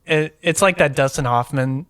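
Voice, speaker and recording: A man's voice: on the high side, normal speed, a bit bright, smooth, dry recording, studio quality. A young man co-hosting a movie podcast, rambling and laughing through profane, casual chat. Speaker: podcast co-host.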